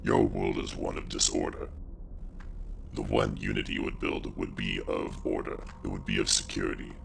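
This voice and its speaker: A cold, calculating robot overlord, speaking in a very deep, gravelly, near-whispered voice that barely moves in pitch. He lectures in a measured, unhurried way. Faint noise hums underneath. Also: flat delivery, full character voice. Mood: cold, lecturing.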